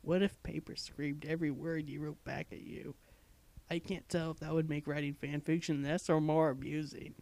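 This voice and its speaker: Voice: mid-range voice, level tone, moderate pace, creaky, a little mellow. A young adult blogger casually reading blog posts aloud late at night, giddy and breaking into fits of laughter.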